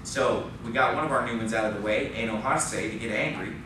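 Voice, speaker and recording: A man's voice: medium pitch, brisk, background noise. A man teaching a Spanish class, explaining patiently and asking the class questions, with a frequent "okay?". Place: church classroom. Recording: very echoey classroom recorded from far off.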